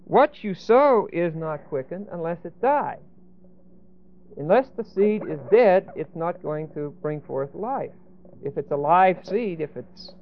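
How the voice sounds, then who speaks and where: A man's voice: high-pitched, slight background noise. A man teaching a Bible passage in an explanatory, emphatic way, often checking in with "okay?" and "see?". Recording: tinny phone-like lo-fi sound.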